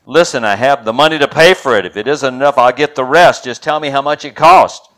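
A man's voice: mid-range voice, a little fast, a bit bright, pitched above the performer's own voice, natural voice. A man voicing a determined eight-year-old girl, pleading and insistent in a read-aloud story. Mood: earnest pleading.

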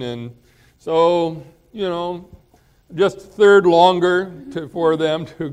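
A man delivers a sermon at an unhurried pace, in a fairly high voice for a man. His talk is loose and conversational, with frequent pauses, fillers and throat clearing. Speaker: pastor.

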